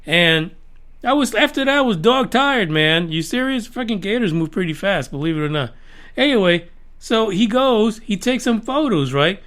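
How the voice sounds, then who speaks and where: Profane, high-voiced rambling podcast host. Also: male voice, lively intonation, normal speed, a bit bright. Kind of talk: casual podcast monologue.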